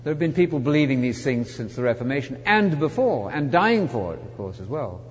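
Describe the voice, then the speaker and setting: A man teaching a Bible study sermon, emphatic, with rhetorical questions and wide swings from loud to soft. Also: medium pitch, sing-song, a little fast. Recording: long hall reverb.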